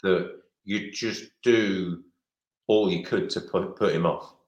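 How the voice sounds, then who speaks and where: A middle-aged man tells a rambling story in a relaxed interview, his voice sitting fairly low. He stumbles and restarts often and slips into other people's voices for the quotes. The room adds a noticeable echo. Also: slow, lo-fi sound. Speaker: former goalkeeper, guest. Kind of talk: casual anecdote-telling. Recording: roomy echo.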